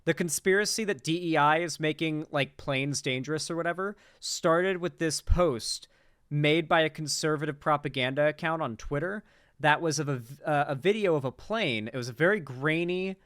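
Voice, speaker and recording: Young man, political reaction commentary, swearing and incredulous, smooth higher voice, dry sound. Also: normal speed, fairly bright tone, no echo. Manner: profane, incredulous, rambling.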